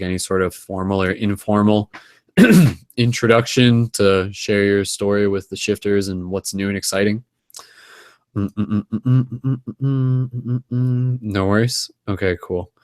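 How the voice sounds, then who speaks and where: A man with a deep, low voice hosts an online group hangout. He talks loosely, with lots of fillers and restarts, and sounds a little tired. The sound is dry and close, with no room echo. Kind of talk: casual rambling group chat.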